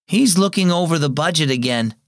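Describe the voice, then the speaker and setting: An eager young boy, impatient and full of regret, pitched higher and lively, as a man reads him aloud. He pleads earnestly in a storybook voice, very up-and-down in tone, close and dry. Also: fairly quick, no room sound.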